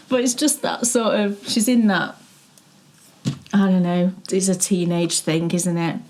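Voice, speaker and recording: A woman's voice: on the low side, slow pace, pauses often, a little mellow. A middle-aged woman co-hosting a knitting show, chatting casually and telling stories with frequent laughs. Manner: chatty, storytelling, laughs often. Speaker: podcast co-host.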